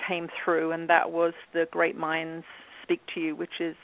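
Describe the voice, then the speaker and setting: A woman in her fifties from England talks through a relaxed story, leaning on plenty of fillers. Her voice has a gravelly edge and stays in a narrow, flat pitch band. It comes through a dry, tinny phone line. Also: unhurried, no echo. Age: 50s. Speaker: guest, channel and author. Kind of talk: casual interview talk.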